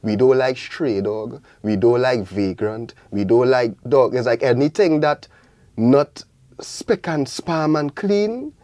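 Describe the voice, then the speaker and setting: A man's voice: mid-range voice, slow, a little mellow, dry recording. Passionate young Trinidadian man. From Trinidad and Tobago. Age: young adult. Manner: passionate, preachy, repetitive rallying calls. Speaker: guest artist. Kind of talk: radio interview. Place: radio studio.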